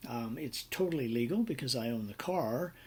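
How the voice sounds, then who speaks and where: Husky guy lecturing on business law, chatty, lots of ums, acts out little scenes. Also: mid-range voice, animated, normal speed, a little mellow. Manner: conversational with frequent fillers and role-played examples. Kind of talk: university lecture.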